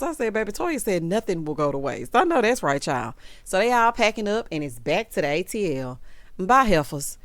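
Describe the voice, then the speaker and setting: Sassy, animated woman recapping gossip. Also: mid-range voice, no room sound. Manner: sassy, gossipy, expressive, laughs often. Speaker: YouTube reality-TV recapper. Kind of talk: casual recap commentary.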